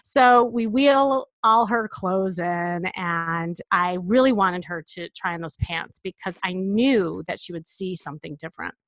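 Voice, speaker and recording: A middle-aged woman, a personal stylist, telling a story about a client in a lively way, acting out the dialogue. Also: on the low side, measured pace, hardly any pauses, no echo. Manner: lively, acts out dialogue in quotes.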